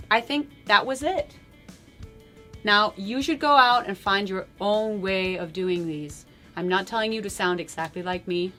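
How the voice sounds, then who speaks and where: A woman teaching a voice lesson, explaining singing technique in a chatty way and often checking in with a questioning "yes?". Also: lowish voice. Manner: sings loud vowel demonstrations.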